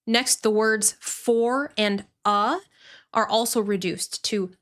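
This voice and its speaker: Give me a woman teaching English pronunciation at a slow, deliberate pace. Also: on the high side. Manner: clear, deliberate explaining, repeating words slowly. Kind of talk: pronunciation lesson.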